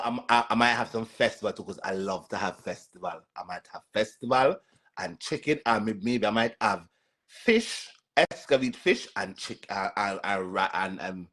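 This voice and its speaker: A man's voice: lowish voice, a bit bright. Sassy Jamaican man live streaming. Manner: sassy and repetitive, talking straight back to commenters. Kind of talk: casual live-stream chat answering viewer comments.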